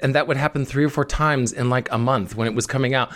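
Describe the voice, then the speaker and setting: Playful male interviewer at middle pitch. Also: steady tone, a bit bright. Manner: playful, quick teasing remarks. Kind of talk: casual interview chat.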